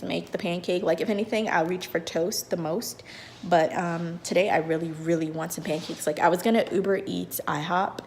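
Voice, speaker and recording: A woman's voice: on the low side, darkish tone, slight background noise. A young woman vlogging casually while she cooks breakfast at home, rambling with lots of fillers. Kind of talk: casual vlog chat. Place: home kitchen.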